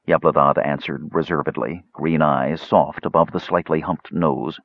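A man narrating an audiobook in a measured storytelling manner. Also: a bass voice, fairly even intonation, husky, no room sound, muffled recording.

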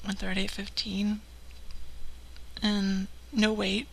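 A woman's voice: mid-range voice, little pitch movement, slow, gravelly, slight background noise, poor audio. A woman from California chatting casually on a live stream and telling an anecdote, acting out the people she quotes, with many "like" fillers. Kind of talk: casual storytelling chat.

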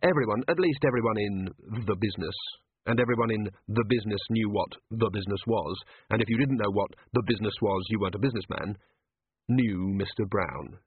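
Male audiobook narrator, measured and dry, husky, narrow phone-like sound, no room echo. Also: on the low side. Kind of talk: scripted narration.

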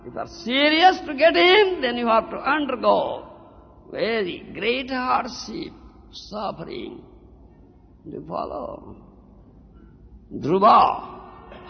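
A man delivers a devotional sermon in a high, lively voice that swoops up and down, keeping a slow, deliberate pace. He repeats words and keeps asking "huh?" and "you understand?". The lo-fi recording carries a long hall reverb. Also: gravelly. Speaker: spiritual teacher.

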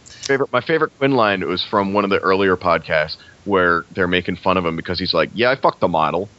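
A man's voice: low voice, fast, a bit bright. A young man chatting casually on a podcast about playing a role, rambling with many restarts. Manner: rambling, frequent restarts and laughs. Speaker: guest actor. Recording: lo-fi muffled recording.

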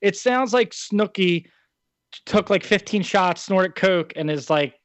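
On this dry, dull lo-fi recording with no room sound, a young man from New Jersey co-hosts a laid-back conversation. He rants and shares strong opinions in a high, expressive voice, taking his time.

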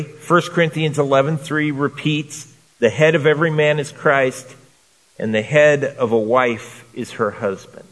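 A man preaching a sermon to men in an earnest, measured way, repeating phrases for emphasis. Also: medium pitch, a bit bright, big-room sound. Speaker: pastor.

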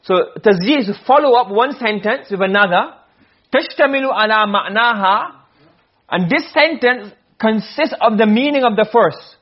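Here a man with a high-sitting, expressive voice teaches Arabic rhetoric at a fairly quick clip. He reads Arabic phrases, explains them in English, and keeps asking "okay?" and "you understand?" The classroom audio is dull and lo-fi.

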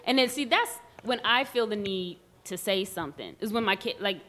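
A woman's voice: mid-range voice, moderate pace, hardly any pauses. A woman in casual conversation, telling stories animatedly and acting out the voices of people she quotes. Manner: animated storyteller who acts out quoted voices. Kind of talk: casual chat.

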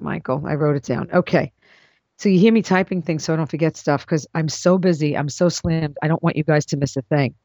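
A woman with a low, darkish voice hosts an advice show, talking in a casual monologue that's blunt and emphatic, her pitch swooping up into exclamations. She's a podcast host and script consultant, and the recording is dull, lo-fi and dry.

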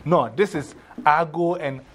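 High-voiced man leading a drum class. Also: unhurried. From from abroad. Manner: energetic, coaxing, repeats cues for a group. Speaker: drumming workshop leader. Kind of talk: call-and-response teaching. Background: hand drums playing.

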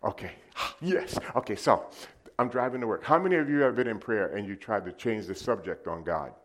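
A middle-aged man delivers a sermon in a deep, low voice. He tells a personal story, calling out loudly to the congregation one moment and dropping to a hushed tone the next. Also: lively intonation, brisk. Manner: storytelling with shifts from loud to hushed. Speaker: preacher.

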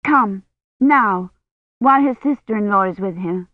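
A woman's voice: mid-range voice, measured pace, no room sound, lightly acted. A woman narrator voicing a frightened young noble girl who speaks stiffly and pleadingly. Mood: tense. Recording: dry, dull lo-fi audiobook recording.

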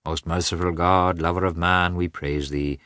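A man voicing a weary, meek older priest, reading a wedding prayer in a slow sing-song chant. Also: deep voice, fairly even intonation, fairly bright tone, dry recording, studio quality. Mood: solemn chant.

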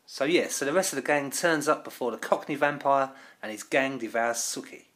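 A woman's voice: a bass voice, fairly quick. A woman co-hosting a casual chat, recapping a TV episode, playful and giggly, with short reactions. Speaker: podcast co-host.

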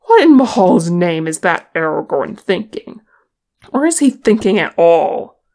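A woman's voice: on the low side, very animated, unhurried, mellow, exaggerated voice. A woman voicing a firm elder dwarf. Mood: indignant. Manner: firm, indignant.

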